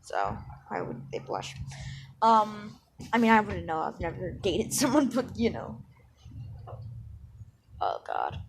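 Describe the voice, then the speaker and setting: A woman's voice: medium pitch, sing-song, takes it slowly, long pauses. A woman casually retelling a fan story, rambling and self-deprecating, with lots of ums and likes. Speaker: channel host. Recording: background hiss.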